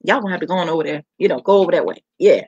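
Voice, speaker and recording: A woman's voice: lowish voice, racing, darkish tone, husky, dry recording, dull audio. A woman hosting her home cooking channel, chatting casually and folksily with viewers and calling them honey and child.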